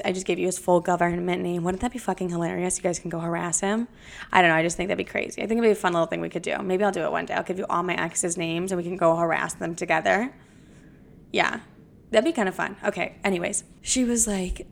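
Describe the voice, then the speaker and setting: A woman's voice: medium pitch, fairly even intonation, fast, vocal fry. A young woman podcast host and comedian telling a personal story in a casual, profane, confessional way. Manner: profane, confessional, chatty with frequent "like" fillers.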